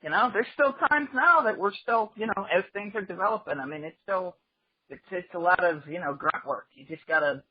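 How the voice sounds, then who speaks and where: A man's voice: high-pitched, a little fast, slightly rough. A man speaking as an interview guest, plain-spoken and reflective. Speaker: interview guest, writer and director. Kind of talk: casual interview talk. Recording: dull, lo-fi remote audio.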